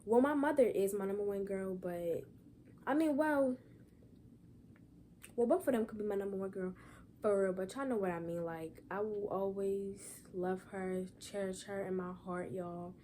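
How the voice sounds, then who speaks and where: A woman's voice: mid-range voice, normal speed, mellow, slight background noise. Tearful young woman vlogging. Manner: rambling, repeats "y'all" and "like". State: holding back tears. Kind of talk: emotional personal vlog.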